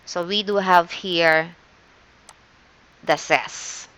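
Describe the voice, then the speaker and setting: A Filipino woman teaches an online lesson, walking through each step patiently. Her voice is smooth and clear, sitting a little low. She speaks very slowly. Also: fairly even intonation, fairly bright tone, lo-fi sound. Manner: patient, explains step by step, frequent "okay". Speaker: shorthand teacher.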